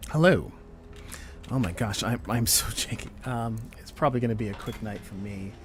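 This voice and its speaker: A man's voice: lowish voice, fairly even intonation, brisk, soft background music. A man giving casual commentary while he plays a video game, rambling to himself with frequent fillers and half-finished thoughts. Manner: rambling, self-talk with frequent fillers and trailing off. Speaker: gamer streaming his play. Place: home gaming setup on camera.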